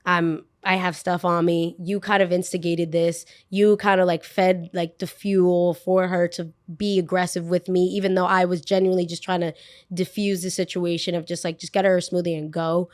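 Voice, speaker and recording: Young woman, casual podcast storyteller, animated delivery with quoted voices and lots of "like". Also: fairly low pitch, moderate pace. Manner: animated, acts out quotes, heavy use of "like". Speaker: podcast guest.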